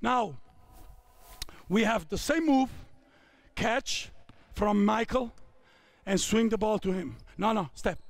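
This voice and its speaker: Italian-accented coach barking drill calls. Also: male voice, sits high, slow, pauses often, no echo. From Italy. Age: 50s. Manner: barking short drill commands. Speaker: basketball coach. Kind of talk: on-court coaching clinic. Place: indoor basketball court.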